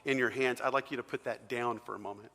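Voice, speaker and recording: A man's voice: medium pitch, fairly even intonation, fast talker, sharp tone. A man preaching a sermon in a large church hall, talking to the congregation conversationally and asking them questions. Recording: long hall reverb.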